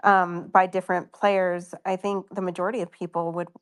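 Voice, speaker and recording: A woman's voice: lowish voice, level tone, brisk, smooth. A woman guest in a casual podcast chat, speaking thoughtfully and hesitantly, with many fillers. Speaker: guest, author.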